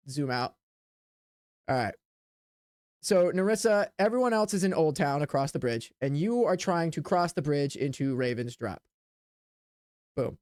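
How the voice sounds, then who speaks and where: A man's voice: a little high, animated, measured pace, pauses often, darkish tone, dry recording, clean studio sound. A young man running a tabletop game as game master, narrating in a loose, chatty way with frequent restarts.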